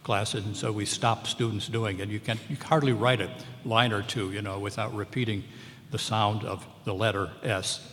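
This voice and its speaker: A man, an English professor on a memorial panel, giving a measured close reading of a poem and slowing down to sound out lines of verse. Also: on the low side, fairly even intonation, a bit bright, slight background noise. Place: large lecture hall at a memorial event. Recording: long hall reverb.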